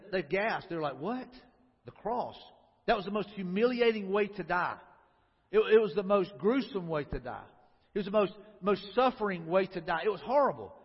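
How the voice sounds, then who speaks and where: Pastor, man, high husky voice, chatty sermon full of questions to the room, lo-fi recording with long hall reverb. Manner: conversational preaching with rhetorical questions.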